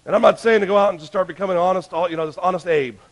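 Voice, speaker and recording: A male pastor preaching a sermon, emphatic, swinging between loud urgent lines and hushed ones. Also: high voice, rapid-fire.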